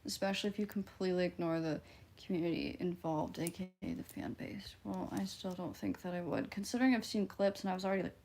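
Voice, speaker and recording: Woman streamer, Midwestern twang, fry-heavy voice, casual and profane. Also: lowish voice, quick pace, a little mellow. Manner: blunt, offhand and profane, laughs often. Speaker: livestreamer. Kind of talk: casual livestream chat, reading viewer comments.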